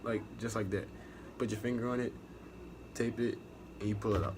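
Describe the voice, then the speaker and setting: A young man with an American accent talks straight to the camera, swearing freely and doubling back on himself as he tells his story. His voice sits a little low, and a faint hiss of noise runs under it. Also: fairly even intonation, moderate pace, a little mellow. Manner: profane, rambling, restarts a lot. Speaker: navy recruit sharing experience. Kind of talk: casual storytelling vlog.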